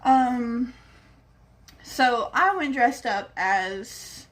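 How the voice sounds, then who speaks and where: A woman's voice: on the high side, animated, drawn-out words, fairly bright tone. A young woman telling a rambling personal story on her vlog, acting out what other people said. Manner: rambling, acts out quoted people. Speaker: vlogger. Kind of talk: casual storytelling.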